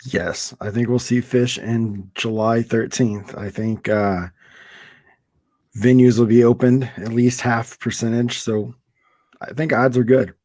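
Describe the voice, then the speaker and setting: Brief: man voicing halting, low-voiced male reporter, comic. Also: fairly even intonation, darkish tone, no room sound, lightly acted. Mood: drawling. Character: slow, drawling adult male magazine reporter. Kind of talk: comedy sketch, mock panel show.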